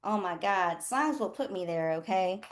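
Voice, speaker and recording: A woman's voice: mid-range voice, moderate pace. A woman nurse coach hosting a casual livestream, frank and profane, laughing often as she talks. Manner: animated, voices others in quotes. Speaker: nurse coach and live session host.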